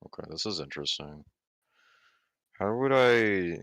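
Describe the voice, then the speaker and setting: A man's voice: deep voice, lively intonation, unhurried, a bit bright, no room sound. A man chatting casually on a stream, making offhand, wry remarks. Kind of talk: casual chat.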